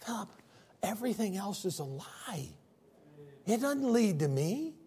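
Man voicing tender pleading figure, slow, soft, husky. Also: high-pitched, very animated, voice pushed up, exaggerated voice.

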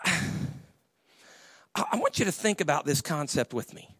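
A man preaching as a pastor, telling humorous stories and loudly acting out the voices of people he quotes. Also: on the high side, normal speed, husky, no echo. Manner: animated storyteller, acts out quoted voices loudly.

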